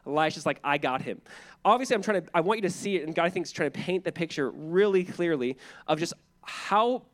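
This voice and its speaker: Male pastor, sermon, high voice, casual, animated, acts out characters. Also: fast. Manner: casual, conversational preaching.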